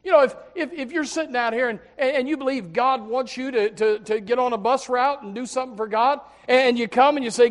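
Animated preacher with a high voice. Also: male voice, moderate pace. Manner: animated, swings between low asides and loud pleading; repeats words when starting phrases. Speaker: Baptist preacher. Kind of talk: sermon.

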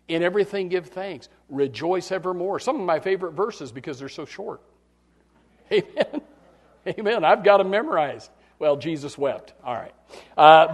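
A male pastor preaching a sermon, dropping to quiet pleading and rising to loud shouts, often repeating words as he goes. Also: sits high.

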